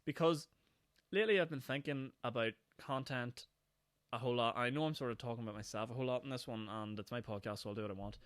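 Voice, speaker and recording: A young Northern Irish man hosting his own podcast, talking fast and rambling from one thing to the next with frequent laughs. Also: mid-range voice, a bit bright, no echo. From Northern Ireland. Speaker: podcast host. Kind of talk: casual solo podcast chat. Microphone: podcast microphone.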